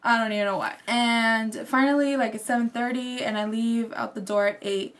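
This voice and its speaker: A woman's voice: a little high, moderate pace. Chatty young woman telling a story. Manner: chatty and animated, fills speech with "like". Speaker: fashion vlogger. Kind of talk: casual storytelling vlog.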